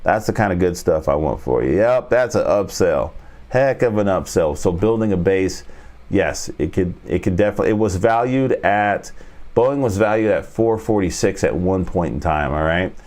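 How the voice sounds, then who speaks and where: A man's voice: sits low, animated, moderate pace, darkish tone. A man hosting a casual trading stream, rambling and joking as he talks viewers through stock charts. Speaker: trading coach and stream host. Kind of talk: casual market commentary.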